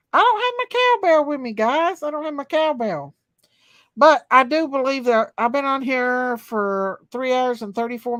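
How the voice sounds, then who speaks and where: A woman's voice: a little high, dry recording, clean studio sound. A woman hosting a casual livestream, chatting folksy with viewers and singing to them. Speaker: livestream host reading chat. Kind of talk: casual live chat.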